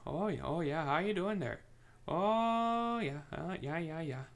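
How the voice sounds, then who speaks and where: Dude doing a super polite folksy minnesota guy, mock accent, goes way up high and singsongy. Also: animated, a little slow, vocal fry. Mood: chirpy. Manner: chirpy, overly polite, repetitive. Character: exaggerated folksy small-town Minnesotan, cheerful.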